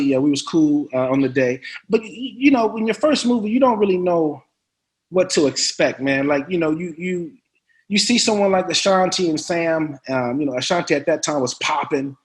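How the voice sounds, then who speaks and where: Animated man telling slangy stories. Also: brisk. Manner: mimics others with sharp pitch jumps. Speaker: actor guest. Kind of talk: casual storytelling interview.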